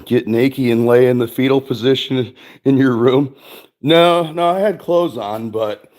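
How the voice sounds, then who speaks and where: A middle-aged man talks loosely and at length, like he is chatting with viewers on his stream. His voice sits at a medium pitch. He swears freely, drifts from one thought to the next, and breaks into laughter often. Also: measured pace, a little mellow. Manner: rambling, profane, laughs often. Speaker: streamer host. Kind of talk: casual chat.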